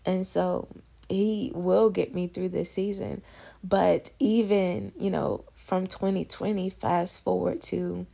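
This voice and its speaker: A woman's voice: lowish voice, gravelly, dark tone. A young woman in her twenties sharing a faith testimony in a casual devotional talk, talking straight to listeners and near tears at times. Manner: emotional, on the verge of tears; conversational, addresses listeners as y'all.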